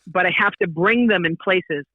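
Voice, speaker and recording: A woman's voice: on the low side, moderate pace, no room sound. A woman comedian chatting as a podcast guest, telling stories with many restarts. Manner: rambling, animated storytelling with frequent restarts and laughs. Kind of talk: casual podcast chat. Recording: tinny phone-like line, dry.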